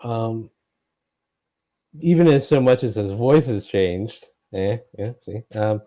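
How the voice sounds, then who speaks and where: A man running a tabletop game as game master, describing scenes in a relaxed, hesitant way. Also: on the low side, slow pace. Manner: relaxed, hesitant, many fillers.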